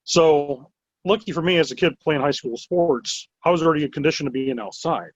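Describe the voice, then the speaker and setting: A man in an interview rambles through his stories with lively energy, leaning on "like" as filler. His voice sits a touch high for a man. The recording is dull and lo-fi with a dry, close sound. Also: moderate pace, husky, no echo. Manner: animated, rambling, many "like" fillers. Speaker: wrestling promotion owner. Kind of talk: casual storytelling interview.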